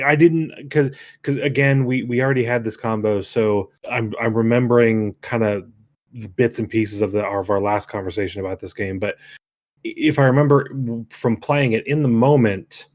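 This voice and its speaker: A man's voice: mid-range voice, moderate pace, no room sound, clean studio sound. A young man co-hosting a casual late-night game podcast, rambling with lots of restarts and easy laughter. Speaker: podcast co-host.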